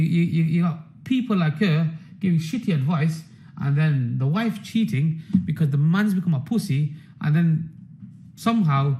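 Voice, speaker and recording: A man rants to his members in a loose, profane ramble, stumbling over and repeating his words. His voice sits a little high for a man yet sounds dark and mellow. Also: rough recording. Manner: rambling, swearing, repeats himself. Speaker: trader hosting a members' market stream. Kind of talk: casual profane rant to members.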